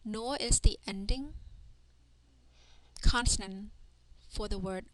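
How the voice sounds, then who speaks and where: Slow, patient woman teaching a lesson. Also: mid-range voice, no echo, rough recording. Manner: patient, sounds out syllables, says "okay" often. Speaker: language teacher. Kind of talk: slow spelling-out lesson narration.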